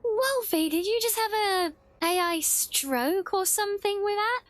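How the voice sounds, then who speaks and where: A woman's voice: very high-pitched, a little slow, no room sound. A woman livestreaming a game, chatting casually with her chat, giggly and bubbly.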